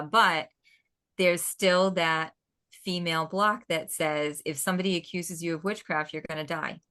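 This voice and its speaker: Woman guest, low voice, bright tone, forthright, repeats herself. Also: a little slow. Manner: forthright, repeats words as she talks. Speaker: guest, magic practitioner. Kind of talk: casual interview chat.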